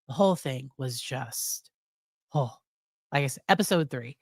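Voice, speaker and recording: A woman's voice: a bass voice, animated, a little slow, pauses often, breathy edge, dry recording, studio quality. An American woman psychologist casually recapping a series, chatty, with fillers and quoted lines. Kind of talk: casual spoken review.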